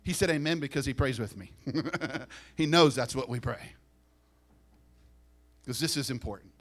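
A man preaching as pastor, animated, acting out quick voices and dropping to soft asides. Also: medium pitch. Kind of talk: sermon.

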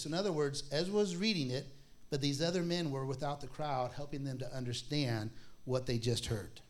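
A man, probably a pastor, teaching a Bible study in a relaxed, conversational way, reading scripture slowly and acting out voices in his stories. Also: medium pitch. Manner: conversational, acts out voices in stories, laughs often; reads scripture aloud slowly.

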